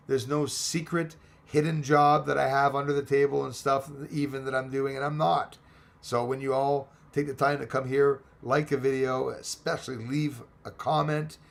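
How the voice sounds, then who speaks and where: Texan male livestream host, gravel-edged voice, chatty and excitable, thanking viewers as he rambles. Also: mid-range voice, moderate pace. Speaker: livestream host reading chat. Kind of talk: casual live chat.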